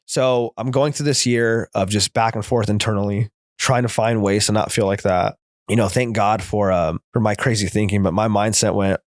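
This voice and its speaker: A man, a therapist in recovery, telling his personal story as a guest in earnest, rapid present-tense bursts. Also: lowish voice, steady tone, dry recording, studio quality.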